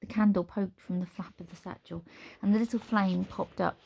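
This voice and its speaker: A woman reading a children's storybook aloud as narrator, with measured, expressive storytelling. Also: mid-range voice, vocal fry, husky.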